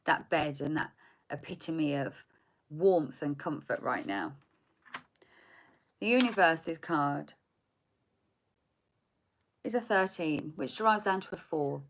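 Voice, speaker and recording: Woman, tarot reader, lowish voice, gentle rambling delivery with restarts. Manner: soft, meandering, repeats words while searching for them. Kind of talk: spiritual tarot reading.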